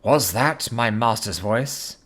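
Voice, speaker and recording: A man voicing an anxious, loyal older male butler who speaks in an urgent, hushed and fearful way. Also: medium pitch, takes it slowly.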